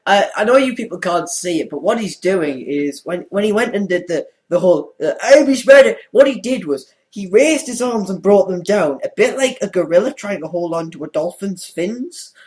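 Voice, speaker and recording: A man's voice: high-pitched, expressive, moderate pace, few pauses, darkish tone. A teenage boy co-hosting a casual podcast, joking and rambling. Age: teens. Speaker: co-host.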